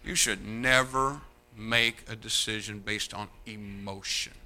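A pastor delivers a sermon in a lowish voice at a slow pace, animated and mocking. He swings between loud outbursts and hushed asides.

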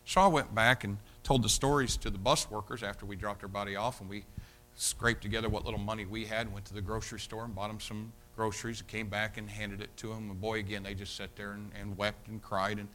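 A pastor telling a story in a sermon, folksy, repeating his words and swinging from loud emphasis to hushed tones. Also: lowish voice, little pitch movement, fast, slight background noise.

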